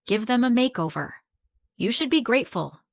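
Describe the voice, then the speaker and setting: A woman's voice: a little high, lively intonation, normal speed, dry recording, studio quality, voice pushed up. A woman voicing a demanding young bride who is dismissive and self-centred.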